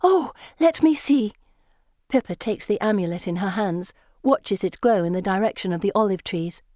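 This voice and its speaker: Woman audiobook narrator, measured and even, dry close recording. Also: medium pitch, no room sound. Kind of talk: first-person audiobook narration.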